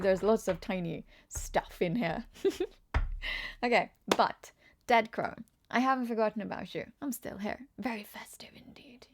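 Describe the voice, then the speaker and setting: A talkative woman from Norway, speaking with a Norwegian accent in a somewhat high voice, reads tarot casually on a live stream. She answers chat comments and laughs a lot along the way.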